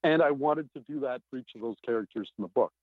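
A novelist being interviewed, talking in an animated, emphatic way with many fillers over a remote line. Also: male voice, mid-range voice, quick pace, dry recording. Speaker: novelist guest. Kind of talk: podcast interview. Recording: tinny phone-like line.

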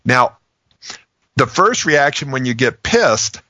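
A man explaining relationship communication in a casual talk, animated and acting out example phrasings. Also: medium pitch, slow pace. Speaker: relationship communication expert guest.

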